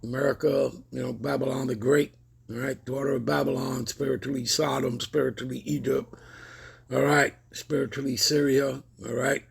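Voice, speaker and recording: A man's voice: mid-range voice, flat delivery, normal speed, creaky, slightly rough. A man preaching over news commentary, constantly checking in with his listeners with "all right?" and "okay?", reading scripture aloud with rising emphasis. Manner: keeps checking in with listeners with repeated tag questions.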